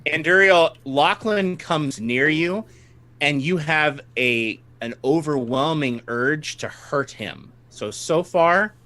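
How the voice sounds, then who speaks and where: A man narrates a tabletop adventure as its game master, slowly and carefully. His voice sits a little high for a man. He breaks into laughter often between descriptions. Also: sharp tone.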